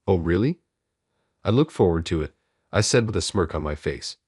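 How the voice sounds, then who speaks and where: Brief: deep, husky man narrating a story, dry close sound. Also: brisk, no room sound. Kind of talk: first-person story narration.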